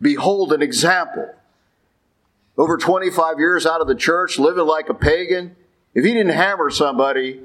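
A man's voice: a little high, lively intonation, fairly quick, fairly bright tone, poor audio. A man preaching a sermon as a Catholic priest, talking conversationally with rhetorical questions and frequent check-ins with the congregation.

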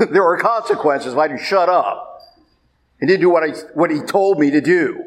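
Preaching a sermon as a priest, a man speaks a little fast in a slightly high voice. He is emphatic and repeats his points, his voice rising sharply when he presses.

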